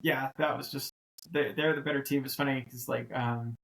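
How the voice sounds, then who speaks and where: A man in his thirties talks college football in a loose, rambling way. His pitch sits in the middle of a man's range. He restarts his sentences often and picks up energy as he goes. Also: moderate pace, vocal fry, low-quality recording. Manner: rambling, animated, frequent restarts. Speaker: co-host. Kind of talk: casual sports chat.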